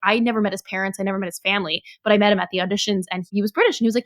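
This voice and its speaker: A woman's voice: medium pitch, very fast. A woman co-hosting a podcast in casual book-club chat, enthusiastic and full of anecdotes. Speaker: podcast co-host.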